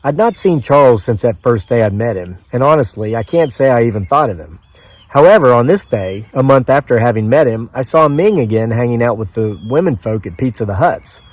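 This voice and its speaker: A man's voice: mid-range voice, animated, fairly quick, dry recording. A man from the mid-Atlantic United States reading his own story aloud outdoors in the woods, in a dry, conversational storyteller's manner with offhand asides.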